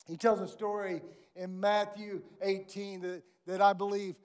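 A man with a high voice delivering a sermon. He tells stories in an animated way, swinging from loud bursts to near-quiet asides. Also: measured pace, clean tone. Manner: animated storytelling, acting out characters with big swings of volume. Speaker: pastor.

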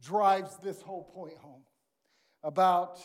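High-voiced preaching man. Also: slow. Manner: animated storytelling, acting out characters with big swings of volume. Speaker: pastor. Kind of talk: sermon.

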